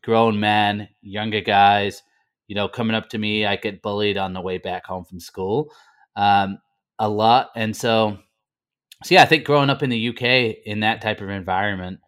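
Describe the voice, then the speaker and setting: A man originally from the north of England, who now speaks with an American accent, tells his story as an interview guest at normal speed. His voice is low-ish and a bit bright with fairly even intonation, and his conversational delivery is packed with fillers and restarts.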